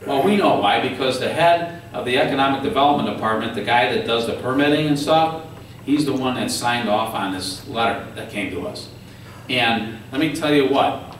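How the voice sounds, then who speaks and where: A man's voice: medium pitch, recorded from a distance, slight background noise. A man telling stories at a political forum, acting out officials as he quotes them. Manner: animated storytelling, acts out quoted officials. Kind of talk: speech to an audience. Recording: very echoey room recorded from afar.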